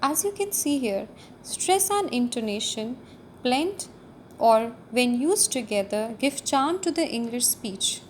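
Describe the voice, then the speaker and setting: A woman's voice: fairly high pitch, lively intonation, slow, a little hiss or hum. A woman teaching a recorded lecture over slides, explaining terms and stressing key words.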